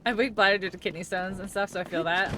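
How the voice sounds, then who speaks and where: A woman's voice: medium pitch, fairly even intonation, racing, sharp tone, soft background music. Giggly rambling woman streamer. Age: 30s. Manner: giggly, rambling, heavy use of "like". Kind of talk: casual live-stream chat while gaming.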